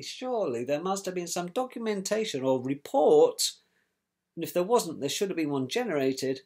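A man recounting events about his brother, in a scornful, colloquial storytelling manner. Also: on the high side. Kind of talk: personal storytelling.

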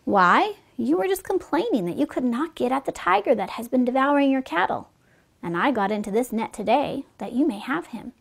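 Woman voicing a cunning male fox, sly, smooth-talking, storybook fable, fairly high voice, gravelly edge. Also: expressive, a little fast, full character voice. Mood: persuasive. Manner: sly, persuasive, sometimes hushed.

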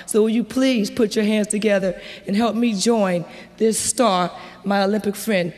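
A man's voice: high-pitched, fairly even intonation, normal speed. A man formally introducing an honoree at a ceremony in a large hall, building up to the name. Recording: echoey hall.

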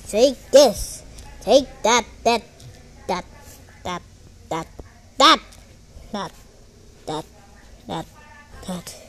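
Woman, gameplay commentary, excitable, exclamatory, unhurried delivery, high voice. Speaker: gamer.

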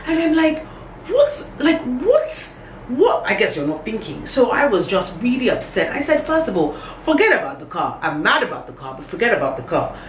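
A woman's voice: fast, few pauses. A young woman telling a casual story on camera, acting out every quote with big jumps in her voice. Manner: animated, acts out quotes with big pitch jumps. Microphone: camera on a tripod. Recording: echoey room with faint background hum.

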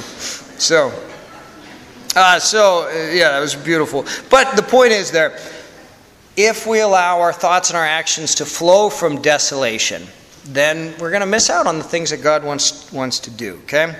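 A priest telling a story in a candid, conversational sermon with self-deprecating humor. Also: male voice, a little high, animated, normal speed, a bit bright. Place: church. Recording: long church reverb.

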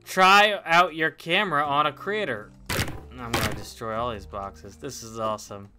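A man playing through a game while commenting, chatty and excitable, yelping and laughing when things surprise him. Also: medium pitch, normal speed, music in the background. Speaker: gamer. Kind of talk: let's play commentary.

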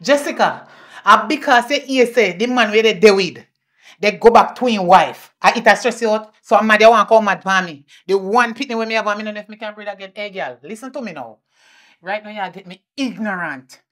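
A woman with a Jamaican accent playing a fierce mother who scolds her daughter, swinging between shouting and muttering. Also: medium pitch, brisk, lightly acted. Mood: scolding. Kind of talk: indie film acting.

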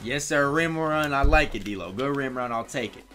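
Excitable man commentating his own game. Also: mid-range voice, normal speed, soft background music. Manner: excitable, talks to players on screen. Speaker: gaming YouTuber. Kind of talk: live gameplay commentary.

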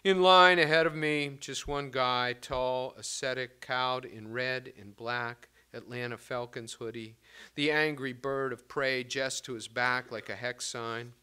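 A male poet giving a public reading of his work, measured and expressive, with casual asides between pieces. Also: mid-range voice, clean tone. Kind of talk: literary reading to an audience.

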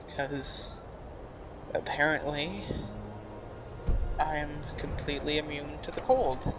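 Sarcastic young man voicing over gameplay. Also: a little high. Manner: sarcastic, profane running commentary. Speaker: gamer. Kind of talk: let's play commentary. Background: game music.

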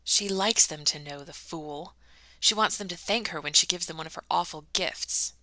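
A woman's voice: lowish voice, normal speed, bright, forceful tone, dry recording. Woman reading as a brusque older housekeeper. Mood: brisk. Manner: brusque, matter-of-fact. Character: stout older woman, brisk and scolding.

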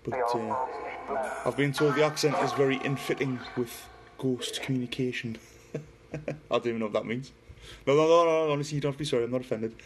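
Middle-aged Geordie man, mid-pitch, chatty livestream host; clear static hiss under the voice. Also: fairly quick. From Newcastle, northeast England. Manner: chatty, reads viewer comments aloud, talks to a spirit box. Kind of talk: casual livestream chat.

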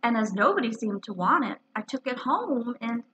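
A woman's voice: on the high side, animated, normal speed, a bit bright, a little hiss or hum. A woman voicing a pompous, self-important male owl who loves long words, in a storybook reading on a dull lo-fi recording. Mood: chatty.

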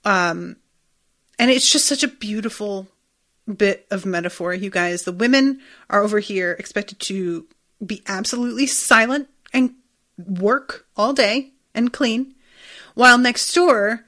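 Slow-talking woman recapping a show. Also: medium pitch, a bit bright. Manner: rambling, chatty, swears freely. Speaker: podcast host. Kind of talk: casual episode recap.

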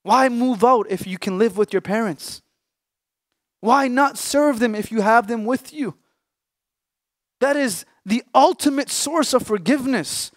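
A young man, an Islamic scholar, preaching an emotional sermon, emphatic with hushed pauses. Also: very high-pitched, dry recording, clean studio sound. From Canada. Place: mosque or lecture hall.

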